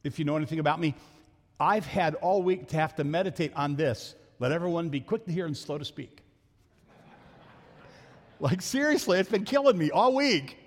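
A man preaching a sermon as pastor, talking fast and telling jokes in a church sanctuary. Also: a little high, expressive. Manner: fast-talking, joking storyteller. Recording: long hall reverb.

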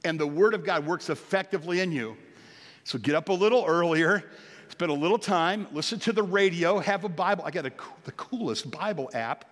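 Earnest older pastor preaching in a hall. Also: male voice, animated, a little fast, a bit bright. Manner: earnest, exhorting, rises in pitch on key points. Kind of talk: sermon.

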